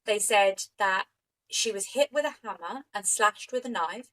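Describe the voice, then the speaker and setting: Bright-voiced woman telling a true crime story. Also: mid-range voice, normal speed, rough recording. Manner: animated, indignant storytelling. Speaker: podcast co-host.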